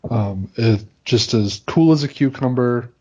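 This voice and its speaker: A man's voice: medium pitch, a little slow, mellow, slightly rough, muffled recording. A man playing a tabletop game, easygoing as he describes his character's actions. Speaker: player. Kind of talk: casual tabletop play.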